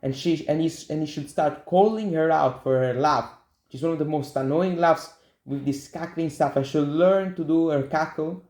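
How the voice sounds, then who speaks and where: A man's voice: fairly high pitch, normal speed, darkish tone, roomy sound. A young man hosting his own show, giving blunt, repetitive political opinions and talking straight to viewers. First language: Italian. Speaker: show host. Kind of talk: casual political commentary.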